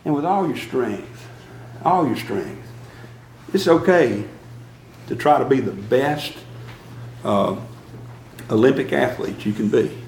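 A man preaches to his congregation in a folksy, self-deprecating way, chuckling as he tells his stories. His voice sits at an ordinary pitch, and it rings through a roomy church hall. A faint hum of ambience lies under it. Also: animated, slow pace, pauses often, a little mellow. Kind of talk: conversational sermon.

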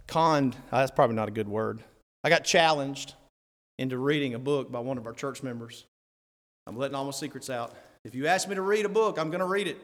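Male preacher, fairly high voice, animated, chuckling between points, ringing church-hall reverb. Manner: animated, laughing often, building to loud emphatic peaks. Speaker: elder preaching. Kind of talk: sermon. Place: church sanctuary.

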